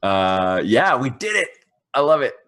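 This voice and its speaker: A man at a tabletop game talks casually and explains the rules at length. His voice is mid-pitched and plain. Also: big pitch swings, measured pace, a bit bright. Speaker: player.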